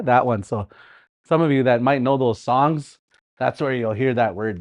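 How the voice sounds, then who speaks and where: A middle-aged man teaching a livestreamed language class, repeating words slowly, chanting song lines and laughing often. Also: mid-range voice, darkish tone, no echo.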